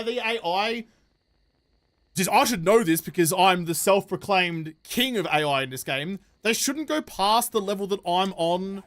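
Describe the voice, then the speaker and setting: High-voiced Australian man, rambling streamer chat. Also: fairly bright tone. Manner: chatty, rambling and jokey, with slang and swearing. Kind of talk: casual live-stream chat.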